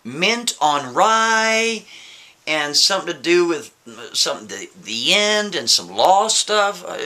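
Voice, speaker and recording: A man voicing a brisk, matter-of-fact woman art buyer in a told story. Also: a little high, big pitch swings, bright, forceful tone, exaggerated voice. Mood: curious.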